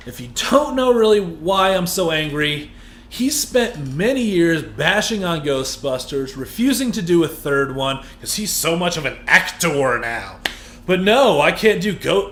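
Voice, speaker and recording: A man giving a heated, profane movie review that builds into shouted rants. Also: fairly high pitch, big pitch swings, measured pace, slight background noise. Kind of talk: ranting film review. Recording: echoey room.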